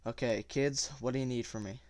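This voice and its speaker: A man's voice: mid-range voice, fairly even intonation, a little fast, a little mellow, no echo, studio quality, natural voice. A man voicing a tough, cocky teenage hoodlum who speaks offhandedly and laconically. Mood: offhand.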